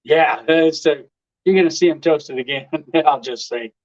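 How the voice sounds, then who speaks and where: A man's voice: fairly high pitch, moderate pace, muffled recording. A middle-aged man hosting a casual live stream, telling rambling stories full of "uh" and chuckles. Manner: rambling storyteller, lots of "uh" and chuckles.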